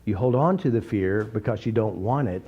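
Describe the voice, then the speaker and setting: A man giving an informal, blunt teaching talk full of jokes and animated stories. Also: fairly low pitch, moderate pace, breathy edge. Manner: blunt, joking, animated storytelling. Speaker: therapy method teacher. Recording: slightly dull recording.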